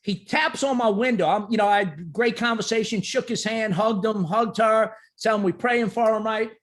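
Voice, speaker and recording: Very high-voiced man telling a story. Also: normal speed. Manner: emphatic, animated, repeats "right?". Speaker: insurance agent sharing a client story. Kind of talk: emotional storytelling testimony.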